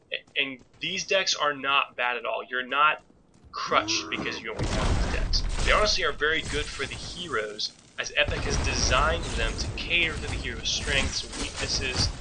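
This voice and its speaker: Male gaming host, chatty tutorial voice-over, noisy low-quality home mic. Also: moderate pace. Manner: chatty, joking asides, frequent restarts. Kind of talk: casual game tutorial voice-over.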